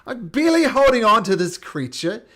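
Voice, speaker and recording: A man voicing a loud, exasperated male circus handler in a tabletop game, ranting and shouting. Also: high-pitched, sing-song, normal speed, pitched above the performer's own voice. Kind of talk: tabletop role-play voice.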